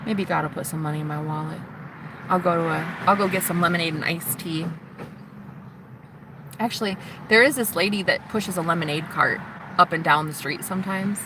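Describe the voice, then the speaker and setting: A woman's voice: lowish voice, fairly quick, pauses often. A young woman rambling in a casual, confessional vlog, teary and chatty, sometimes dropping to a whisper. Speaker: vlogger. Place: in a parked car. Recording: noisy with traffic behind.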